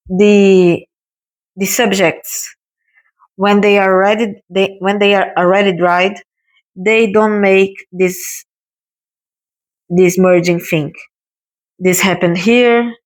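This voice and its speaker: A woman hosting a casual painting tutorial, chatting gently and encouragingly as she paints. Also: medium pitch, rough recording. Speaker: watercolor artist hosting a painting video.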